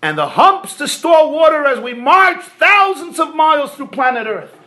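A man's voice: high voice, sing-song, moderate pace, pushed and bright, exaggerated voice. A man voicing a curious baby camel who questions its mother during a story in a sermon. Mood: indignant. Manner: questioning, builds to an indignant outburst.

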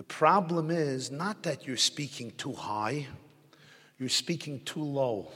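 A man, a rabbi, giving a sermon full of jokes and stories, rising to loud emphatic peaks. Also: mid-range voice, animated, slow pace, breathy edge. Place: synagogue hall. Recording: echoey hall recording.

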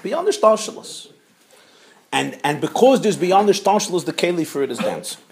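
A man giving an animated Hasidic Torah class, mixing with Hebrew and Yiddish terms. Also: high voice, normal speed, a little hiss or hum.

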